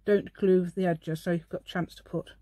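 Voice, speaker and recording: A middle-aged woman with a warm, fairly low voice speaks at a moderate pace with fairly even intonation, recorded dry with no echo. In a casual crafting demo, she rambles and chats to herself while working, using a playful put-on posh telephone voice.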